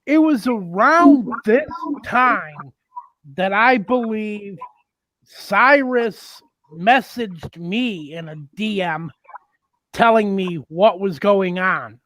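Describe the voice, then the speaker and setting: A co-host on a casual livestream chat, telling a story in a slow, measured way. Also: medium pitch, expressive, fairly bright tone, no echo.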